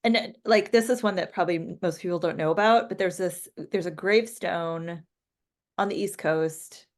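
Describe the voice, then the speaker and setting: A woman's voice: on the low side, steady tone, normal speed. Playful American woman chatting. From United States. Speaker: podcast co-host. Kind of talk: casual chat.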